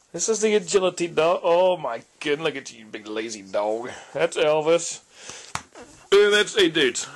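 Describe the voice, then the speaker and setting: A man's voice: fairly high pitch, a bit bright. A man hosting his own vlog, chatting casually and rambling as he shows his dogs. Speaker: vlog host. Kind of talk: casual chat.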